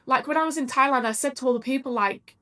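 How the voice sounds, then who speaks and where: A woman speaks as a podcast guest in an open, candid way. She is chatty and emotional and laughs often. Her voice sits somewhat high. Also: quick pace, sharp tone. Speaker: podcast guest, business owner. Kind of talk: candid casual chat.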